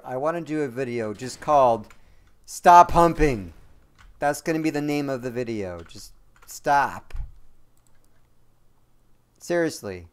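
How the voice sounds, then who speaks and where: Slow-talking male game streamer. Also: mid-range voice. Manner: chatty, rambling, talks to viewers; jokey, quick to apologize. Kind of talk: live gameplay commentary to chat.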